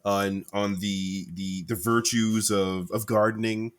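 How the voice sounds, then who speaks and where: A man co-hosting a podcast, joking around in casual chat, with his voice jumping up when he gets excited. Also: slow. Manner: joking, playful, pitch jumps up when excited. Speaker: podcast co-host.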